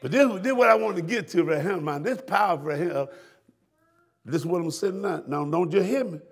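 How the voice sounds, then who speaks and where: High, gravelly preacher man. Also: fairly quick. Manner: fiery, preaching with shouted questions to the congregation. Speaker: pastor. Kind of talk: sermon. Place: church sanctuary.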